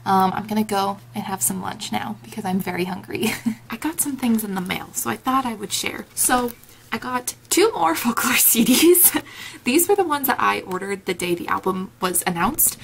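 A woman's voice: mid-range voice, moderate pace, creaky, slight background noise. A young woman chatting casually in a reading vlog from home, giggly and gushing, on a camera mic. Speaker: book vlogger.

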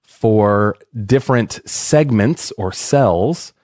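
A man's voice: lowish voice, lively intonation, drawn-out words, a little mellow, no room sound, studio quality. A man co-hosting a casual podcast, telling history in a rambling, joking way. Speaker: podcast co-host.

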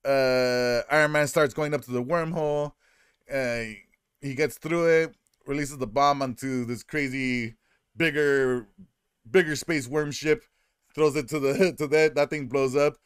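A man recaps a movie in loose, rambling podcast talk, laughing often and dropping into short impressions of the characters. His voice is smooth and clear, recorded dry and close with no room sound. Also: mid-range voice, fairly even intonation, unhurried, dry recording. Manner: rambling, laughing, acting out lines. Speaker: podcast co-host. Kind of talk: casual movie recap chat.

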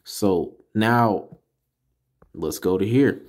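Guy running a class, slow and kinda low voice, sounds words out syllable by syllable, pushy about getting it right. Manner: emphatic and corrective. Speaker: teacher of a religious language class. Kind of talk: casual spoken lesson.

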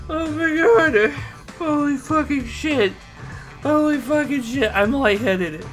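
High squeaky voice on a tearful hoarse woman reacting to a video, drawn out and slow, faint music behind. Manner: shrieking, laughing and swearing. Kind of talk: excited reaction commentary.

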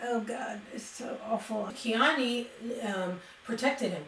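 A woman's voice: fairly high pitch, slow, hardly any pauses, a bit bright. Chatty woman telling true crime. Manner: chatty, reads quotes aloud, frequent "like". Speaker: true crime video host. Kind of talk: casual true crime storytelling. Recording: roomy, distant mic with faint noise.

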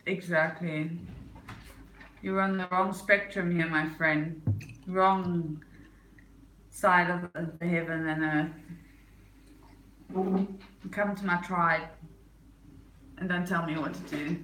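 A woman with a non-American accent chats casually on her livestream, reading chat aloud, teasing viewers and laughing often despite having a headache. Her lowish voice is fairly even, slow and a bit bright, with long pauses, and the rough recording is reverberant with slight background noise.

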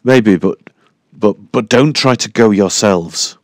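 A man's voice: fairly low pitch, takes it slowly, no room sound, studio quality, pitched above the performer's own voice. A man voicing an adult scarred loner who talks in a plain, guarded, friendly way in an audiobook.

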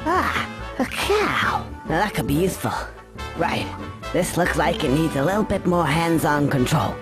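A man's voice: a little high, sing-song, moderate pace. A man voicing a cocky, sarcastic young male squirrel in a video game. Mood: wry. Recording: game audio with music behind.

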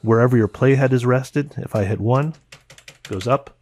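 A man teaching a software editing tutorial, naming keyboard shortcuts in short clipped bursts as he demonstrates. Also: mid-range voice, normal speed. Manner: calls out key names in short clipped bursts. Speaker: video editing instructor. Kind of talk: screen-recorded software tutorial.

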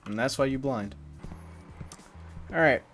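A man's voice: mid-range voice, unhurried, fairly bright tone, soft background music. A young man streaming a game, joking and self-deprecating as he talks to his chat. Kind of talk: casual game commentary.

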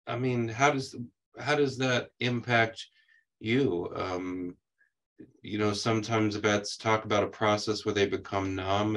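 A man's voice: on the low side, a bit bright. A man interviewing a veteran, asking careful, probing questions with some hesitation. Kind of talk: oral history interview.

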